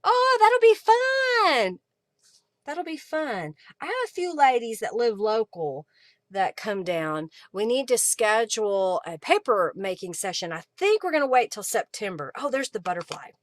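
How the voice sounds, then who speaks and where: A woman with a medium-pitched, very animated voice speaks at a moderate pace in a clip with no room sound. She hosts a live crafting stream, chatting casually and thinking aloud as she works at her craft table, reading and answering viewer comments.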